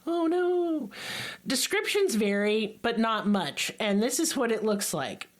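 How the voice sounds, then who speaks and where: A woman's voice: mid-range voice, big pitch swings, unhurried. A woman podcast host spinning a spooky tale in loose, comedic chat. She peppers it with profanity and sarcastic jokes, and she often dissolves into giggles at how silly the story is.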